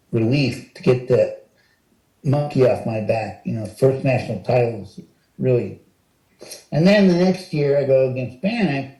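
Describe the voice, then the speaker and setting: Here a man in his sixties, a retired wrestler, is the guest in a relaxed interview and spins lively stories. When he acts out quotes, his voice leaps higher. The recording has a roomy echo.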